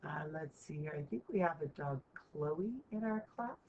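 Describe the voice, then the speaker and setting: Chatty woman teacher, low voice. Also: lively intonation, normal speed. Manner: chatty, keeps checking in with "right?". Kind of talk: recorded math lesson. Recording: muffled lo-fi recording, faint hiss.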